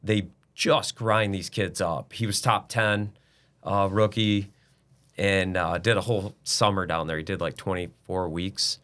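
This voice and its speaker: 低沉直率的中年男人. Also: male voice, deep voice, steady tone, unhurried, a bit bright. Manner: blunt and emphatic, with mild swearing. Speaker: business owner guest. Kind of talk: casual interview talk.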